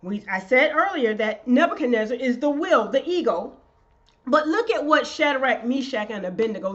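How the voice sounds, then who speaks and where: A woman pastor preaching a sermon, excitable and rising to shouts. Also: high-pitched, moderate pace, dull audio.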